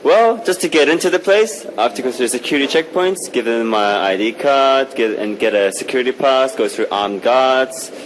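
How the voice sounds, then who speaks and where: A man answering interview questions outdoors in a chatty, slightly hesitant way, with a mid-pitched, ordinary voice. Faint outdoor ambience sits behind him. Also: lively intonation, moderate pace, hardly any pauses, a little hiss or hum, rough recording. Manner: hesitant, chatty, laughs easily. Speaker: interview guest, kindergarten English teacher. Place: outdoors in a park.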